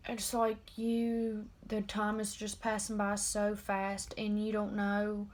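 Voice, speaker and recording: An eighteen-year-old woman talking straight to camera in a personal confessional vlog, subdued and halting. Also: medium pitch, monotone. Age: about 18. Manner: subdued, halting and openly emotional. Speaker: vlogger.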